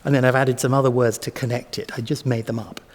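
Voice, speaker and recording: A cellist and teacher gives a music lesson to camera, thinking aloud with many ums and self-corrections and sounding out rhythms in syllables. He plays the cello between phrases, speaking fast and flat at medium pitch, with long hall reverb around him.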